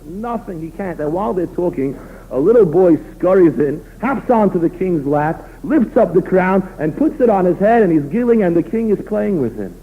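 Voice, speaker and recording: High-voiced rabbi on a tinny line. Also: male voice, normal speed, husky. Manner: storytelling, expressive, emphatic. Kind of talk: sermon. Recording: tinny phone-line recording.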